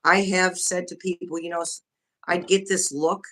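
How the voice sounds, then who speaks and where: A woman's voice: fairly low pitch, little pitch movement, normal speed, bright, forceful tone. A woman joining a casual livestream chat by video call, speaking frankly and openly with frequent restarts. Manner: candid, frank, restarts often. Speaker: guest.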